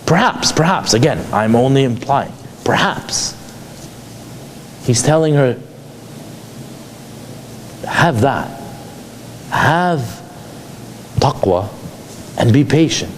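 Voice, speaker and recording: A man's voice: medium pitch, expressive, takes it slowly, long pauses, slight background noise. A man giving a conversational lecture to a class, asking many rhetorical questions. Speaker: psychologist teaching a class.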